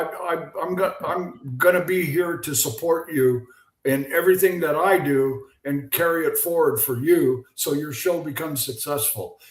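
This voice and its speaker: Older guy spinning baseball yarns, bit high voice, echoey room. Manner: animated anecdote teller, acts out quotes. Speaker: guest, former baseball pitcher. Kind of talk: casual storytelling. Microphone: video call.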